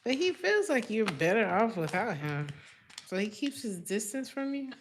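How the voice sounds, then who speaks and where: A woman's voice: medium pitch, sing-song, moderate pace, a little hiss or hum. A woman giving a live-streamed tarot reading in a casual, chatty way, calling the viewer honey. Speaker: tarot reader.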